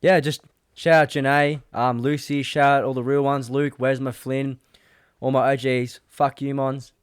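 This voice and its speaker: A man's voice: mid-range voice, flat delivery, unhurried, smooth. A hyped young man, a podcast guest, talking in slang and swearing casually.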